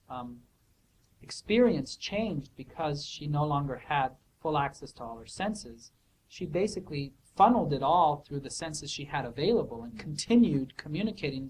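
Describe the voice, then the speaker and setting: Thoughtful professor, many hesitant restarts. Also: male voice, a little high, a little hiss or hum, rough recording. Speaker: professor answering student questions. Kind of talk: casual academic explanation. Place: office hour recording.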